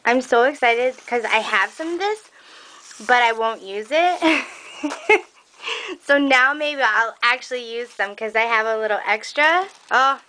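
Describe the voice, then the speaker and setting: A young woman excitedly unboxing craft gifts for her viewers, gushing, gasping and laughing as she talks. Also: a little high, measured pace. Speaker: crafting vlogger opening a swap package. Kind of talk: casual unboxing chat.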